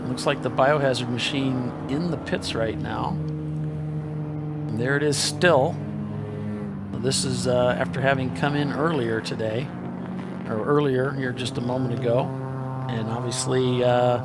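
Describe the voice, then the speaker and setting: A man doing live play-by-play commentary on an endurance car race, in a steady, matter-of-fact way. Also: medium pitch, a little slow, very noisy.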